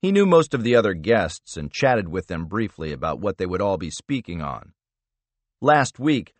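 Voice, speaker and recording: A man narrating a thriller audiobook in a steady, measured reading style. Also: fairly low pitch, dry recording. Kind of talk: scripted narration.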